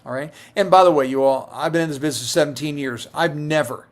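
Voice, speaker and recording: A middle-aged Medicare insurance agent answers viewer questions on a live stream, talking quickly in a voice on the high side. His manner is conversational, with many fillers and restarts.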